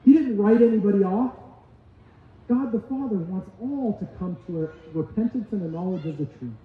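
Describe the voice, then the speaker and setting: High-voiced preacher in an echoey church. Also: male voice, animated, normal speed, a little hiss or hum. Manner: emphatic, repetitive preaching. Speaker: pastor. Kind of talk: sermon. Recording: echoey hall, tinny lo-fi sound.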